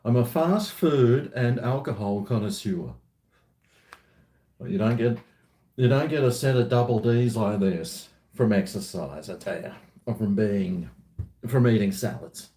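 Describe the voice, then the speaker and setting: Laid-back Australian man, dark and roomy. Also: on the low side, measured pace. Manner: joking, laid-back banter with viewers. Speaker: live streamer. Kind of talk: casual live-stream chat while drinking. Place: at home.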